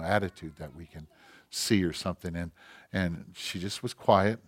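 A man preaching a sermon as pastor, passionate, swinging between loud emphasis and quiet intensity. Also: sits low, normal speed, breathy edge.

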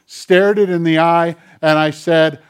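A man's voice: a little high, fairly even intonation, unhurried, smooth. A man, a pastor, preaching a conversational sermon and acting out quoted dialogue as he goes. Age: older.

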